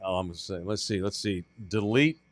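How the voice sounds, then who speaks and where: A man's voice: sits low, brisk. A man co-hosting a sports radio show, chatting casually and acting out the people in his stories. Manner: animated storyteller, acts out shouted quotes. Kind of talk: casual sports talk banter.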